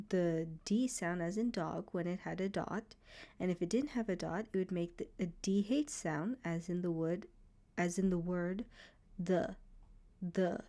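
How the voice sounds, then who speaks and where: A woman leads a beginner Hebrew lesson in a patient, encouraging way. Her voice sits a touch low and mellow. She breaks words into single sounds and repeats them slowly. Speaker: Hebrew teacher.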